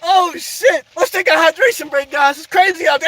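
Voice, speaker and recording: A man live-streaming, chatting to viewers in a high-energy, effusive way as he answers their messages. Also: moderate pace, sharp tone. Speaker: live streamer reading chat and donations. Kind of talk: casual live-stream chat.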